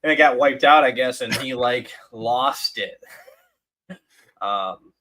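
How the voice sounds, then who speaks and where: A man's voice: medium pitch, slow pace, pushed and bright, rough recording. A man co-hosting a live stream, telling a story in casual chat with lots of restarts and fillers. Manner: rambling storyteller, many restarts and "like"s.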